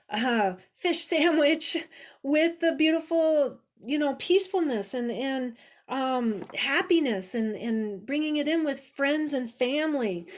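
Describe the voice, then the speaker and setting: A middle-aged woman with a fairly high voice talks through tarot cards and recipes in a gentle, unhurried way. She wanders, restarts her sentences and fills pauses with soft ums as she goes. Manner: gentle, meandering, many fillers and restarts, repeats "beautiful". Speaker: tarot reader and cooking channel host. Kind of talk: casual unscripted tarot reading and recipe talk.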